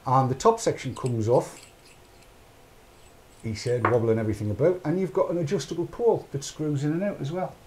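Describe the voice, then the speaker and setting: A man's voice: a little high, fairly quick, background noise. A middle-aged man, hosting a casual chat show in a rambling, chatty way and narrating his own actions aloud. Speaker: podcast host.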